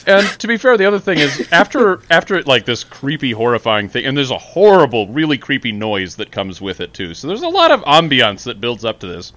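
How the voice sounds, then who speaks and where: Lively, bright-voiced man. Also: mid-range voice, fairly quick, hardly any pauses. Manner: animated storytelling, laughs often. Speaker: podcast co-host. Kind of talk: casual chat.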